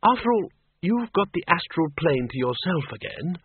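A weary old zombie wizard voiced by a man who drags out his words in a slow, apologetic way and sounds polite and a little wistful. The voice is husky and dry. It comes over as thin and tinny, like a phone. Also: high-pitched, sing-song, no room sound, voice pushed up, exaggerated voice. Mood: gentle.

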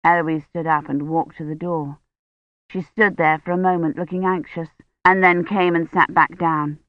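A woman reading an audiobook in measured, scripted narration. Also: sits low, fairly even intonation, dry recording. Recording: dull, dry studio audiobook recording.

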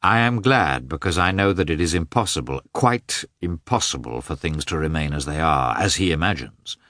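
A man's voice: extremely low pitch, lively intonation, normal speed, fairly bright tone, no room sound, clean studio sound. A man reading the part of an earnest young officer who pleads and entreats, in an audiobook. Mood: pleading.

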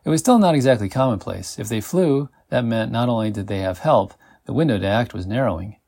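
A man hosting a podcast, reading an interactive adventure story aloud in a measured way and slowing down when he speaks to the listener. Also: fairly low pitch, animated, gravelly, a little mellow. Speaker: podcast host.

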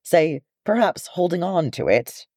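An old dwarf, kindly but worn out, as a man reads him, pitched up and teasing. A dry, close recording. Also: big pitch swings, measured pace, darkish tone, no echo.

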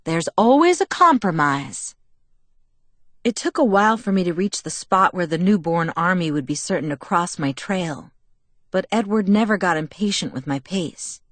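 A woman narrating a novel in the first person with a steady, even storytelling delivery. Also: fairly low pitch, normal speed, no echo. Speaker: audiobook narrator.

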